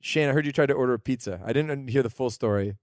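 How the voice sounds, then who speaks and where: A man co-hosting a podcast in casual chat, chiming in with relaxed, brief remarks. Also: mid-range voice, fast, no room sound, studio quality. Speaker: podcast co-host.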